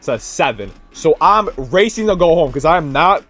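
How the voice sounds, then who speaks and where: Young male vlogger, slightly high voice, tired and rambling, casual storyteller, faint music bed. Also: normal speed. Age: young adult. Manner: rambling, animated retelling with many fillers. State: tired, drained. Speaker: student teacher.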